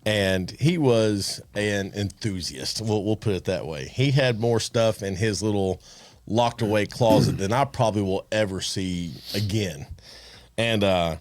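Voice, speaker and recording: A man hosting a podcast, telling animated anecdotes with restarts and chuckles. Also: on the low side, a little slow. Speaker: podcast host. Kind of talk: casual storytelling chat.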